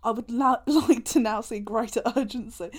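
A young woman with a slightly high voice, co-hosting a relaxed podcast chat. She reads old school reports aloud in a jokey, giggly way and keeps breaking into reminiscing with her friend. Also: moderate pace. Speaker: podcast co-host.

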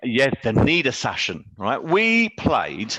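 Lively, chatty man telling stories. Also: medium pitch, slow pace, slightly rough, no echo. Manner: animated, chatty, laughs mid-story, tag questions. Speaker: guest, Royal Navy veteran. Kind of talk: casual anecdotal storytelling.

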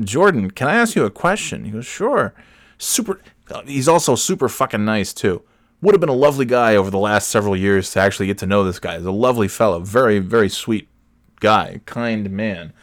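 A man hosting a podcast, telling a rambling, self-correcting story in casual chat and jumping up in pitch when he quotes people. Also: dry recording, clean studio sound. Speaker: podcast host.

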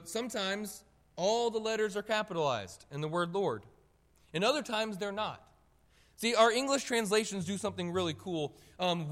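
A man preaching a sermon, animated and emphatic, talking straight to his congregation. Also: high-pitched. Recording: long reverb of a hall.

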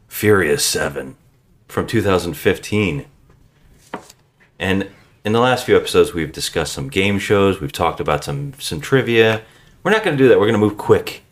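A man with a deep voice hosts a casual podcast. His pitch swings a lot as he teases his guests and keeps things moving. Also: animated. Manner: jokey, quick banter. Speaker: podcast host. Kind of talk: casual chat.

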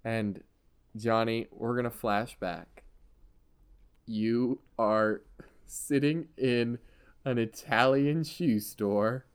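Relaxed male game master, unhurried, mid-pitched narration. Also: clear, resonant tone. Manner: relaxed, conversational, with frequent laughs.

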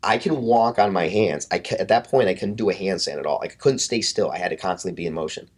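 A man's voice: low voice, fast talker, slightly rough. A man, a fitness coach, casually telling a story as a podcast guest, swearing freely and acting out other people's lines. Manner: animated, profane, acts out quotes in hushed voices.

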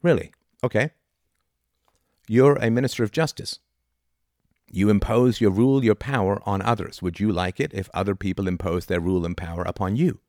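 A man's voice: lowish voice, fairly quick, a little mellow, no room sound, studio quality. A middle-aged man giving an informal, argumentative philosophy talk, often tossing in rhetorical "right?" asides. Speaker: philosophy lecturer.

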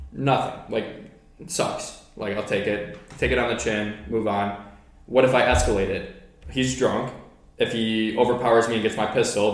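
A young man and podcast host telling army stories in a casual, swearing way, full of "like" fillers. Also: fairly low pitch. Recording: very echoey room.

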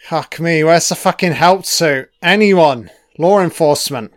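A man's voice: on the high side, unhurried, dry recording, clean studio sound. A man giving a casual, profane commentary on a film, swearing constantly and cheering at the screen.

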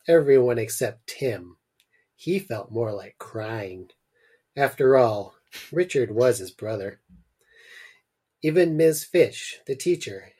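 A man's voice: medium pitch, a little mellow. A young adult man hosting a podcast, chatting casually and then reading a short story aloud with dry humor. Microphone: remote call mic.

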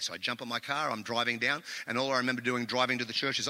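A male pastor delivering a sermon with personal stories, an animated and self-mocking storyteller. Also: mid-range voice, quick pace, few pauses, in a large hall. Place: church sanctuary.

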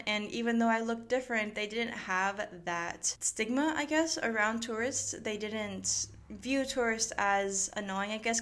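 A woman's voice: medium pitch, a bit bright. A young woman who grew up in Mexico hosts a personal podcast monologue. She talks in a reflective way and often uses fillers like "like" and "I guess". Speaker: podcast host.

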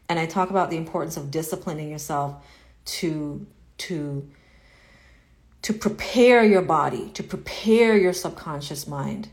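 A woman coaching her viewers live in a lowish voice. She talks in earnest and repeats herself a lot, and turns animated when she acts out people's inner doubts. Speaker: spiritual coach. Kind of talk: live-stream coaching talk, answering viewer comments.

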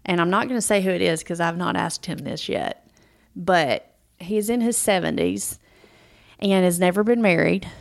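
A woman co-hosting a podcast tells a story in a relaxed, chatty way, stopping and restarting her sentences often. Her voice has a gravelly edge. The sound is dry and close. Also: lowish voice, normal speed, no echo. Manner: emotional, storytelling, many restarts. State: close to tears. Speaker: podcast co-host. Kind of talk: casual chat.

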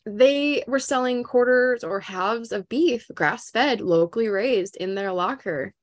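A woman's voice: a little high, takes it slowly, no echo, clean studio sound. A woman in her thirties from Minnesota with a Minnesotan accent, chatting as a podcast guest and laughing often as she tells stories. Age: 30s. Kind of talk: casual storytelling chat.

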